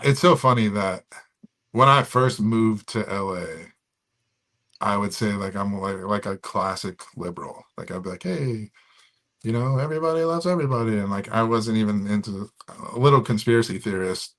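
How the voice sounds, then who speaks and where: Male stand-up comic, about 40, from florida, lowish voice, rambling, lots of fillers. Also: measured pace. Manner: rambling, filler-heavy, animated. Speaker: stand-up comedian guest. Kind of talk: casual podcast interview.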